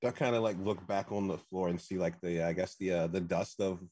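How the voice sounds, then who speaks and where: A man's voice: low-pitched, fairly even intonation, brisk, warm tone, no room sound. A man playing a tabletop game, rambling through his character's actions with lots of "like" and "just". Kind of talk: casual play narration.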